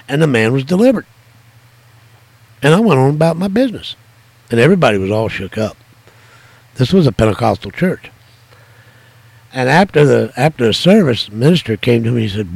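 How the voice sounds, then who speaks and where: Older man, preacher, gravelly husky voice, dry close sound, emphatic storytelling. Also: lively intonation, a little slow, long pauses, dry recording. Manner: emphatic storytelling, voice jumps high for stress. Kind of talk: informal sermon-style teaching.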